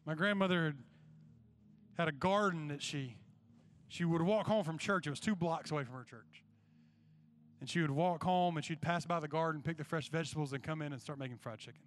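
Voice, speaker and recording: A man's voice: a little high, fairly quick. A young man preaching a sermon to students, telling a personal story and then making an urgent appeal. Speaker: youth preacher.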